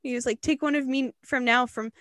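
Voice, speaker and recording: A young woman co-hosting a podcast, telling a story in a casual, animated way, laughing and swearing often. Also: sits high, brisk, no room sound. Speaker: podcast co-host.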